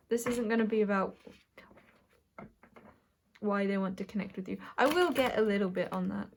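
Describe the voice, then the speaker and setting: A woman's voice: medium pitch, slight background noise. Musing woman giving a tarot reading. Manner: musing, halting, talks while drawing cards. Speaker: tarot reader.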